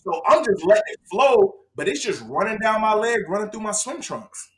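A man from Florida telling a funny story to friends in a casual chat, dropping low then shouting. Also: moderate pace, a little hiss or hum. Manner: animated, laughing, swings from low mumble to loud shouting.

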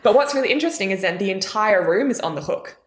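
Fast and expressive, this young adult woman is a podcast interview's guest coach, bending her pitch to give words emphasis.

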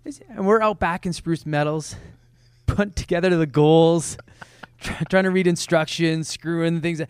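A man, a soccer player guest, telling stories in a casual podcast chat, animated and quick to laugh. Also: on the high side, clean tone, dry recording, studio quality. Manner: animated, laughing often, talks in quick bursts.

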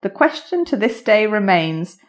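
A woman's voice: medium pitch, very animated, normal speed. A woman hosting a podcast, narrating a scripted story and chatting with a guest, laughing at her own slips. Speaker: podcast host.

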